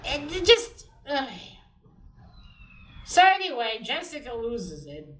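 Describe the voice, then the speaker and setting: A woman with an Israeli accent giving a casual, animated spoken review, ranting and swearing in exasperation. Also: high-pitched, slow, recorded from a distance. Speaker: comic reviewer. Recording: roomy echo, off-mic.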